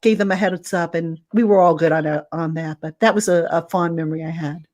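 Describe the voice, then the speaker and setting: A woman's voice: fairly low pitch, fairly quick. Woman reporter guest telling a story, acts out the quotes, casual chat. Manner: lively anecdote telling, acting out quotes. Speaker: guest, football beat reporter.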